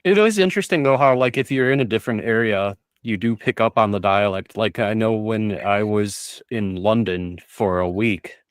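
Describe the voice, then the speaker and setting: A man's voice: on the low side, clear, resonant tone, dry recording, clean studio sound. A man co-hosting a podcast, chatting wryly and acting out little phrases. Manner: wry, quick to laugh, acts out phrases. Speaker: podcast co-host. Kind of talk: casual chat.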